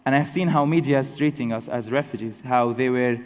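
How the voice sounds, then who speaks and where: A young man giving a personal storytelling talk to an audience, halting and self-correcting but good-humored. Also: mid-range voice. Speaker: speaker telling his story to an audience. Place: large hall with an audience. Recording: long hall reverb.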